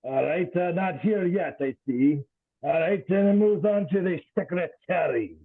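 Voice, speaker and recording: A man's voice: sits high, unhurried, breathy edge. A man acting as secretary and taking attendance, talking in a hesitant, joking way with lots of fillers over call audio. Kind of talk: casual meeting roll call with pirate jokes. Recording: tinny phone-like call audio.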